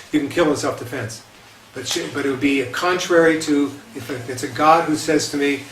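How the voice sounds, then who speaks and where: Man, rabbi type, fairly high voice, lecturing with casual asides, recorded in a roomy hall from far off with faint hiss. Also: fairly bright tone. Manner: conversational, often checks in with "okay?" and repeats himself. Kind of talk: lecture with light humor. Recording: roomy echo, distant mic, faint hiss.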